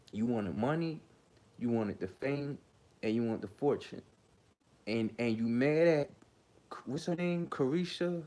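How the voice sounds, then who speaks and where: A man's voice: mid-range voice, darkish tone. A man hosting his own commentary vlog, ranting heatedly, stammering and repeating himself. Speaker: host.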